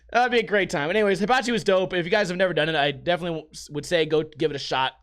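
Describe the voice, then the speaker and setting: High, bright-voiced rambling man. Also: very fast. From United States. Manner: rambling, profane, jokey storytelling. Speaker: podcast host. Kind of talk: casual podcast monologue.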